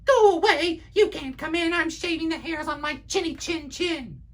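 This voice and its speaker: A man voicing a grumpy little male pig who shouts from inside his house in a squealing way. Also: very high voice, normal speed, pitched above the performer's own voice. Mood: indignant.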